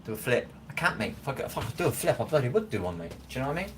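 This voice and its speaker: A man, talking casually to his live-stream chat. His pitch swings up and down a lot as he banters and jokes. A faint noise sits under his voice. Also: very animated, very fast, poor audio. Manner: chatty, banters with viewers, swears casually. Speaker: livestreamer reading chat.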